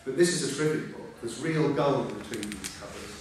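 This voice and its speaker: A man's voice: mid-range voice, brisk. A man in his sixties chairing an evening talk, telling wry, digressive anecdotes as an introduction. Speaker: event chair. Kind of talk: after-dinner introduction speech. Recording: echoey hall from far off, room noise.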